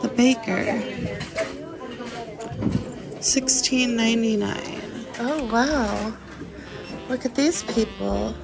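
A woman chatting casually in a shopping vlog, excited and gasping as she browses a store, with music playing behind her. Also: on the high side, drawn-out words, vocal fry, long pauses. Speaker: thrift reseller vlogger.

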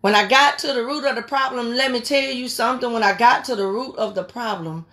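A woman preaching with fervent, urging energy, her voice sitting a little high. She drives her points home by repeating short phrases again and again. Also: fairly quick, fairly bright tone. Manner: repetitive, exhorting, fervent. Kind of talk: impassioned sermon on a prayer line.

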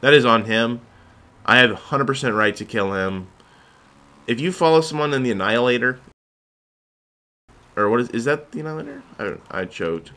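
A man's voice: medium pitch, lively intonation, moderate pace, pauses often, bright, forceful tone. A young man giving rambling, jokey commentary over his own gameplay footage. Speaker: gaming video host.

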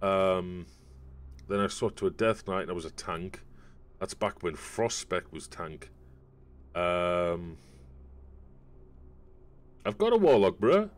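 A man streams a video game, rambling casually to his viewers while he plays, in chatty gameplay commentary. His voice sits low yet has a fairly bright, clean tone, with fairly even intonation. He speaks at a slow pace and pauses often.

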